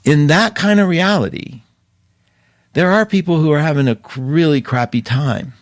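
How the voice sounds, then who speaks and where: A man's voice: a little high, normal speed, no room sound. Chatty man hosting a dry live show. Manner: chatty, rambling, laughs often. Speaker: astrology show host. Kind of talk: casual live-stream talk.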